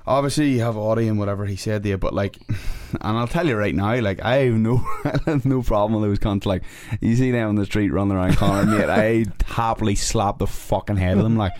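A man's voice: on the low side, fairly quick, hardly any pauses, a little mellow. A man with a Northern Irish accent, a fighter guest on a podcast, ranting heatedly and swearing a lot. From Northern Ireland. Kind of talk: casual podcast chat.

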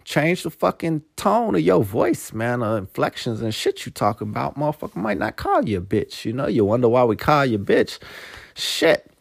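A man's voice: mid-range voice, very animated, moderate pace, gravelly, slightly rough, dry recording, studio quality. A man hosting a casual podcast monologue, profane and rambling. He tacks "man" onto nearly every phrase and turns heartfelt and choked up at times. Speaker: podcast host.

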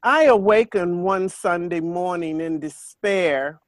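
A woman's voice: on the low side, slow pace, no room sound. An older woman hosting a faith podcast, speaking in an earnest, repetitive preaching cadence. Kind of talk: spiritual talk monologue.

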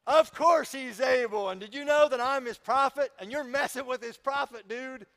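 A man voicing an indignant male prophet who loudly scolds and lectures a king. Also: very high voice, normal speed, voice pushed up. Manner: loud, scolding, boastful.

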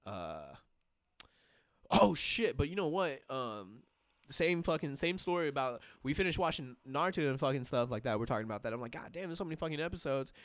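A man's voice: mid-range voice, sing-song, moderate pace, dry recording, clean studio sound. A young man chatting casually on a podcast, rambling through profane stories with lots of fillers. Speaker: podcast co-host. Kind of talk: casual chat.

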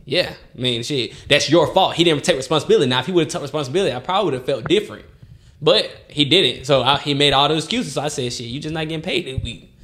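A man co-hosting a podcast in casual chat, telling stories in lively fashion and acting out other people's voices. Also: a little high, fast talker. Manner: animated storytelling, acts out quoted voices, laughs often. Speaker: podcast co-host.

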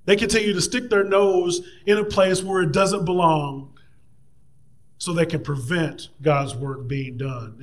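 Male preacher, slightly high voice, conversational and lively sermon delivery. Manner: conversational and animated, playful mock voices for hecklers.

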